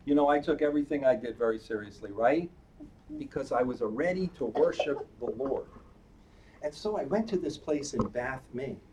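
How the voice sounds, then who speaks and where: Elderly cantor telling a playful sermon story. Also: male voice, mid-range voice, lively intonation, moderate pace, mellow. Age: 80s. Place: synagogue sanctuary during a service. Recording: distant live-stream audio with faint background noise.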